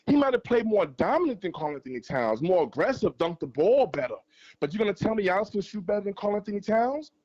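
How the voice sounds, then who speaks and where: A man calls in to a fan livestream sports show, arguing passionately in a heated debate. His high-pitched, darkish voice is very animated and quick, the recording muffled, and he keeps repeating his points for emphasis.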